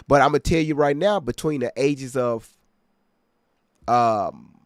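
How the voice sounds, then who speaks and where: A man's voice: medium pitch, takes it slowly, dry recording. Guy doing reaction commentary, medium voice, dry sound, very emphatic w viewers. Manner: emphatic, keeps checking in with listeners. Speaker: reaction video host.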